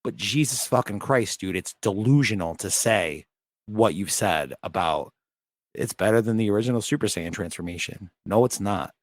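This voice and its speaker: A man's voice: on the low side, animated, normal speed, no echo. Blunt, profane male podcast ranter. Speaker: podcast co-host. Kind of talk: casual chat.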